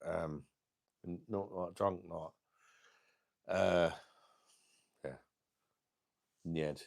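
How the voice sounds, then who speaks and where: A man with a very low, gravelly voice, talking to his live-stream viewers while he reviews beers. He rambles crudely, stops often with ums, and jokes around casually. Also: steady tone, extremely slow, a little mellow.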